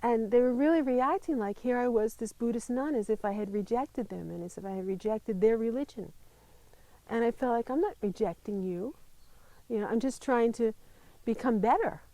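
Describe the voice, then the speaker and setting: A woman, a Buddhist nun telling her life story in an interview, lively and laughing often. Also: a little high, normal speed, dry recording, rough recording. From United States. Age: 50s. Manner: animated storytelling, laughs often, mimics voices in quotes. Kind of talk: personal storytelling.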